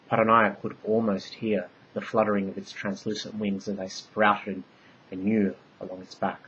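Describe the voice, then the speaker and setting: A man reading his own story aloud in measured, ornate narration. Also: lowish voice, muffled recording, a little hiss or hum.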